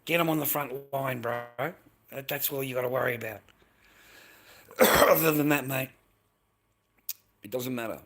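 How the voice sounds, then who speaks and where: Australian guy going off on a livestream, swearing a lot, bright sharp voice, keeps repeating himself. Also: medium pitch, measured pace, creaky, long pauses. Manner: aggressive, profane, repetitive, talks back to chat. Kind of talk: angry live-stream rant.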